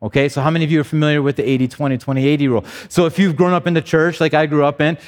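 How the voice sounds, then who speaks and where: Conversational pastor in an echoing hall. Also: male voice, on the high side, steady tone, very fast, darkish tone. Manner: conversational, repeats words as he talks. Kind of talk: sermon.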